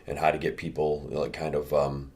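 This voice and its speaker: Young male co-host, very low voice, playful, halting delivery. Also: completely flat delivery, a little mellow. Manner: jokey, laughs easily, hesitant with fillers. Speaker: podcast co-host, gym owner. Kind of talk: casual chat.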